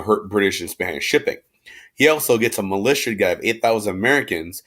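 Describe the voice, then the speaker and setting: A man's voice: fairly low pitch, a bit bright. A man teaching a history lesson in a casual, chatty, slangy way, with fillers and loose restarts. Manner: chatty and slangy, acts out quotes in everyday speech. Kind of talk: casual recorded class lecture.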